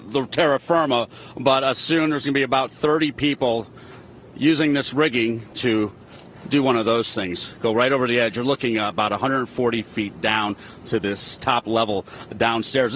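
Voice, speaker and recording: A man's voice: mid-range voice, fairly bright tone, a little hiss or hum. A male TV news reporter doing a live field report outdoors on a hotel rooftop, upbeat and chatty with his guests.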